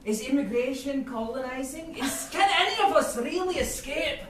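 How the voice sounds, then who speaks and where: A woman's voice: sits high, normal speed, slight background noise. A woman on an improv stage playing a preachy, lecturing Scottish oriole bird with a put-on Scottish accent. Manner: lively, declaiming like a speech. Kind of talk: live improv comedy. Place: theatre stage, live audience. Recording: echoey room, far from the mic.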